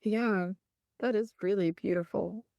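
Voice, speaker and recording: A woman's voice: mid-range voice, unhurried, gravelly, warm tone, dry recording, dull audio. A woman hosting an interview, affirming her guest and asking open questions. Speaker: host. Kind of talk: conversational interview.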